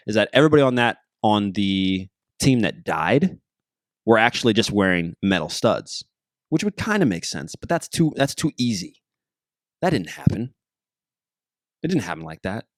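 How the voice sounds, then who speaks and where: A young man hosting his own podcast, talking in a casual, excitable and jokey way that keeps drifting off topic. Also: fairly low pitch, no room sound, studio quality. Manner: excitable, jokey, easily sidetracked. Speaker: podcast host. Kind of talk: casual rambling podcast monologue.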